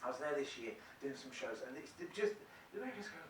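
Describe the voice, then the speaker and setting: A man's voice: medium pitch, sing-song, quick pace, recorded from a distance. A man from England doing live stand-up, chatting with and teasing the audience and laughing at his own jokes. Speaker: stand-up comedian. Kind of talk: live stand-up crowd work. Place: large theatre on a cruise ship. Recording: echoey hall heard from afar, loud noise.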